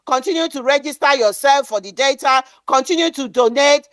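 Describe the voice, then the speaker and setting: A woman's voice: high-pitched, animated, moderate pace, few pauses, a bit bright, no room sound. A woman giving an impassioned political speech, defiant and declamatory, repeating lines for emphasis. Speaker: speaker at an online activist meeting.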